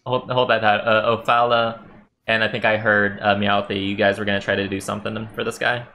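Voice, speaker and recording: Bright-voiced man running a game. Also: lowish voice, fairly quick, slight background noise. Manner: relaxed, chuckling, with many fillers. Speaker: game master. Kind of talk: narrating a tabletop game.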